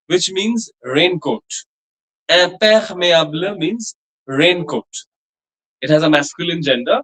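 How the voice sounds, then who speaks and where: In a rough recording, a man with a high, fairly bright voice teaches a French class. He explains grammar and runs slow, patient pronunciation drills, repeating words so students can copy them.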